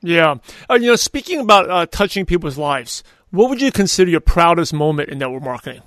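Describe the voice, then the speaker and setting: Fast-talking enthusiastic male host. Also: on the high side, sing-song, a bit bright, no room sound. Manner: enthusiastic, affirming interviewer. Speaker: podcast host. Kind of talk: interview questions.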